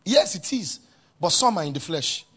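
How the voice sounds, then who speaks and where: Husky pastor preaching emphatically. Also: male voice, high-pitched, sing-song, moderate pace, a bit bright. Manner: emphatic, call-and-response with the congregation. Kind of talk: sermon.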